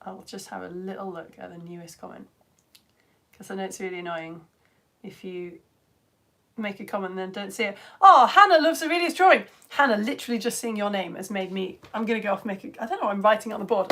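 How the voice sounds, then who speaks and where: A woman in her thirties hosting a live children's science stream, chatting bubbly and animated as she reads out viewer comments. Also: medium pitch, brisk.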